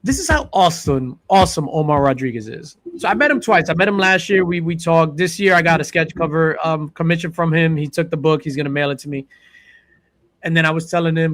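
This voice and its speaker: A man hosts a casual panel chat, his voice sitting a touch high. He tells stories with energy and acts out other people's lines. The sound is close and dry, with no room around it. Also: quick pace, no echo. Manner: animated storyteller, acts out quotes. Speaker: podcast host.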